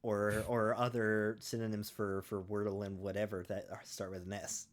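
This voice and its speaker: A man with a fairly low voice, chatting casually as a podcast co-host. He talks in a relaxed, unhurried way and fills his pauses with ums and you-knows. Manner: relaxed, filler-heavy, deliberate. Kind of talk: casual chat.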